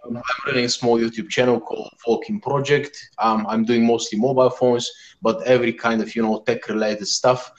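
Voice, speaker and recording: Male tech YouTuber, mid-pitched, hesitant intro. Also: little pitch movement, fairly quick, hardly any pauses, muffled recording. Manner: hesitant, many fillers. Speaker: YouTuber guest on panel. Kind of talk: casual livestream chat.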